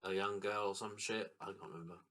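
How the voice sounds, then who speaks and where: Deep voiced guy on a film podcast, bright edge, kinda unsure, just chatting. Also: steady tone, brisk. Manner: easygoing, unsure, thinks aloud. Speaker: podcast co-host. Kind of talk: casual film podcast chat. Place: recording room.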